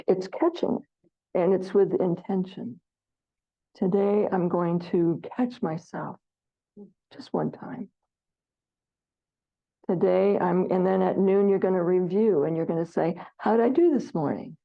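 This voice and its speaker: Low gravelly lady teaching a meditation class, gentle and thoughtful, muffled lo-fi sound. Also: steady tone, slow pace, pauses often. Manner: gentle, reflective, acts out inner voices. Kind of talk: dharma class talk. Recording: dull lo-fi recording.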